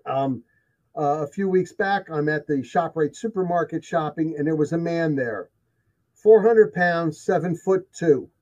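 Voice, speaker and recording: At a measured pace, a guest with a fairly high-pitched, darkish voice shares his sightings in casual conversation. He is emphatic and repeats himself for effect, and the sound is dull lo-fi.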